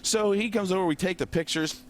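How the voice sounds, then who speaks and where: A male comedian telling an animated story as a guest on a talk radio show. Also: high-pitched, brisk. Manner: animated, jumps into character voices. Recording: radio studio with faint room ambience.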